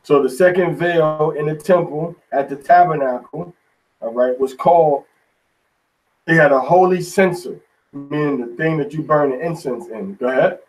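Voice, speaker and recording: A man's voice: fairly high pitch, moderate pace, far from the mic, faint music behind, low-quality recording. A man teaching a Bible study in an informal, folksy sermon style, often tagging lines with "man".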